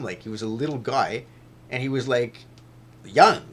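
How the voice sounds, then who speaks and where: Speaking straight to camera, a vlogger rambles through a casual monologue in a mid-range, brisk voice with lively intonation. He repeats himself, swears, and gets loud when retelling a fight.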